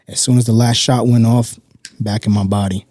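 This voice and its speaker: A man telling a personal story as a podcast guest in an animated, streetwise way, often checking in with his listener. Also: medium pitch, normal speed, dry recording, studio quality. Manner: animated, streetwise, repeats "you know what I'm saying". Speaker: guest speaker. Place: podcast studio.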